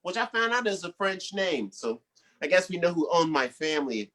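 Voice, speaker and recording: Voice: mid-range voice, very animated, a little fast, fairly bright tone. A comedy show host introducing the closing act and leading the crowd in call and response. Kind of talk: live show emcee introduction.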